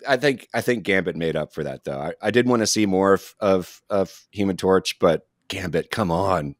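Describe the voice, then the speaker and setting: A man co-hosting a podcast in casual chat, talking quickly with stumbling restarts. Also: low-pitched, no echo, clean studio sound. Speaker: podcast co-host.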